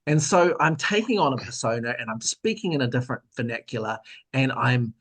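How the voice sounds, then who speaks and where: A man's voice: mid-range voice, expressive, brisk, a bit bright, slightly rough. A man, a guest author in a casual discussion, explaining thoughtfully and trailing off into fillers.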